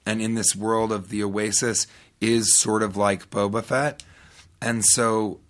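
A man with a fairly low voice shares a long anecdote as a talk show guest. His delivery is loose and rambling, full of restarts and side comments, with the casual feel of a conversation. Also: little pitch movement, takes it slowly, a bit bright. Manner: rambling, with frequent restarts and asides.

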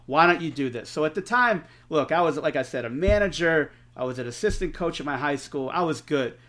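A middle-aged man, co-hosting a podcast and telling stories in an animated way, swearing freely. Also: fairly high pitch, a little fast. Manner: animated storyteller, swears freely, acts out quotes. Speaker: podcast co-host. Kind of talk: casual storytelling chat.

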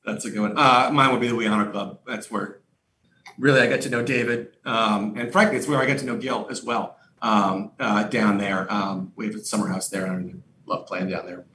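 Middle-aged man, teasing and animated, forceful bright tone, roomy echo from a mic set well back. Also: on the low side, brisk. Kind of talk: casual chat. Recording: roomy, distant mic, faint noise.

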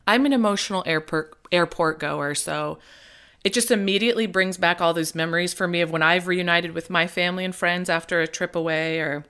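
A woman from Nebraska co-hosting a podcast, chatting about a film in an animated, emphatic way. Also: on the low side, a little fast, smooth. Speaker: podcast co-host. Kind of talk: casual film discussion.

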